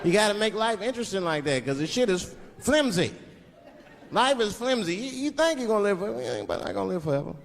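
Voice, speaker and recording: A man's voice: sits high, quick pace, gravelly, slight background noise. A man doing a stand-up comedy routine on stage, telling stories with sudden voice impressions, speaking into a handheld mic. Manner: animated storytelling with sudden voice impressions. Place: large theater stage. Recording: live show in a reverberant hall with crowd laughter. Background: audience laughing.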